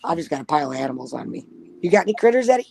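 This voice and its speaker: A woman's voice: deep voice, very animated, racing, vocal fry, a little mellow, a little hiss or hum, low-quality recording. Woman telling a story on a call from home, cusses a lot, giggly, pet snoring faintly in back. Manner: blunt, swears freely, giggles. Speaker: panel guest. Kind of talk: casual storytelling. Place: at home with pets nearby. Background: dog snoring.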